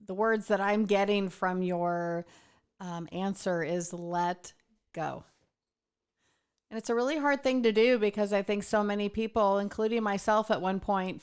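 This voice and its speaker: A woman hosts an interview and thoughtfully reflects on what her guest has said. Her voice is clean and smooth, and her pitch sits in the middle. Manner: thoughtful, affirming. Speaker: host. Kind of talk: interview conversation.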